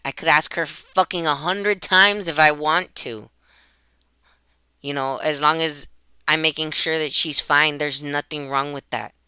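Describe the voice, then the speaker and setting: Woman vlogger, webcam monologue; very bright, crisp voice, dry sound, emotional and rambling delivery. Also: low-pitched, no room sound. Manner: emotional, rambling, restarts and repeats herself. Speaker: YouTuber. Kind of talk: personal vlog monologue. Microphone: computer webcam.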